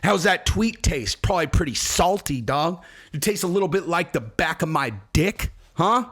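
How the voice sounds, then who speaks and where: A man's voice: on the high side, lively intonation, normal speed, fairly bright tone, breathy edge, exaggerated voice. A man playing a drunk, cocky male fighter, talking profane trash in a swaggering way. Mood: boastful. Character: drunk, cocky male fighter boasting about his tweets.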